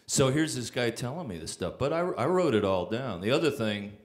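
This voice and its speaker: A man's voice: medium pitch, very animated, fairly quick. A man, a songwriter, telling casual rambling stories on stage with frequent fillers and restarts. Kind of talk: casual anecdotal storytelling.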